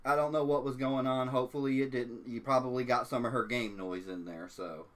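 A man's voice: medium pitch, steady tone, fairly quick. A man giving easygoing commentary on a game, trailing off with little "so" and "I guess" asides. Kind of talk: casual gaming commentary.

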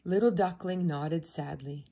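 A woman narrating children's picture books in a gentle, expressive storytelling voice. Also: fairly low pitch, measured pace, husky. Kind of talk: children's story read-aloud.

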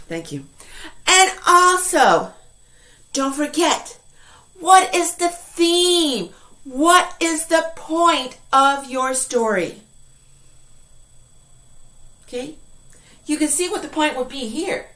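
Slow, high-voiced encouraging woman teacher. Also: pushed and bright. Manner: slow, clearly enunciated, encouraging. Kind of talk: online class instruction for English learners.

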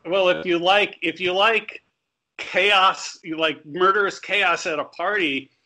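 A man's voice: sits high, steady tone, unhurried, pushed and bright, rough recording. A man appearing as a guest author on a podcast, talking playfully and casually. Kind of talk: casual interview.

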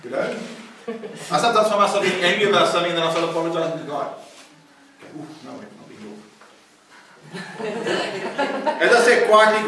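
A high-pitched male pastor preaches casually, laughing as he goes and putting question after question to his listeners. His voice sits far from the mic and rings around a very echoey room, with faint hiss underneath. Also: fairly bright tone. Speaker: pastor teaching at a recovery centre. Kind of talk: informal preaching to a group.

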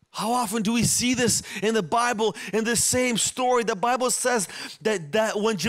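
A man with a high-pitched voice preaching a sermon. He repeats phrases in a rolling cadence and moves between quiet stretches and loud, shouted peaks. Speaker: pastor.

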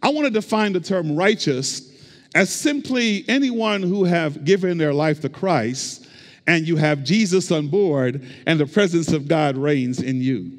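Long hall reverb fills this recording of a sermon in a church sanctuary. The male pastor's voice is a little high and his pace a little slow, and he builds rhythmic repetition while calling out for responses from the congregation.

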